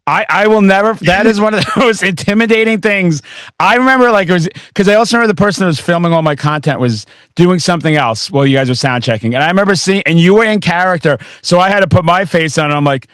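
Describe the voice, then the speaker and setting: A man hosting a podcast, chatting casually and excitedly with a rambling flow. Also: sits high, quick pace, no room sound, clean studio sound. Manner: excitable, rambling, with bursts of laughter. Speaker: podcast host. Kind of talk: casual interview chat.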